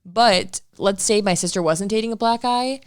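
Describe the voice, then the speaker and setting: A woman's voice: mid-range voice, moderate pace, clear, resonant tone, dry recording, clean studio sound. A young woman in her twenties co-hosting a casual couple podcast, talking frankly and laughing often. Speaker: podcast co-host.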